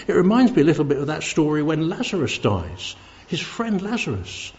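A man's voice: on the high side, wildly swooping pitch, a little fast, darkish tone. A man preaching a sermon at a church service, earnest, stumbling over repeated words when stressed. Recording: dull lo-fi recording.

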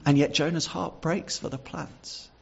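A man's voice: a little high, steady tone, unhurried, gravelly, breathy edge, dull audio. A man preaching a sermon, reading Bible verses and explaining them earnestly, with some stumbles and repeated words. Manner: repeats words and restarts with fillers.

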